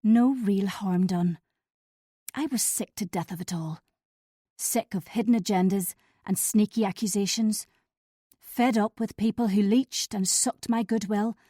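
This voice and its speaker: A woman narrates a first-person suspense audiobook, measured and steady. Her voice is warm and mellow. The close mic gives a dry, roomless sound. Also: mid-range voice, dry recording.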